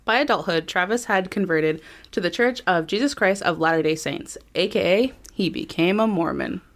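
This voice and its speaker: A woman co-hosting a podcast speaks at normal speed in a lowish voice. Working from her notes, she narrates a true crime story conversationally, um-ing frequently.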